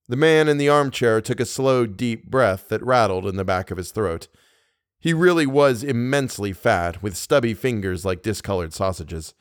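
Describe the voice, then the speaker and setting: A man reads a short story aloud in a steady, deadpan voice. His voice sits in a middle pitch, neither high nor low. The sound is close and dry. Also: no echo. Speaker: podcast narrator. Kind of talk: scripted narration of a short story.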